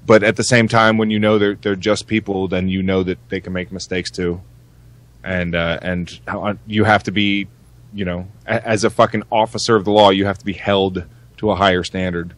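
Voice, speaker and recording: A man's voice: sits low, little pitch movement, normal speed. A man co-hosting a podcast, talking casually in a rambling way with heavy swearing and many restarts. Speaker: podcast co-host. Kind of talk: casual chat.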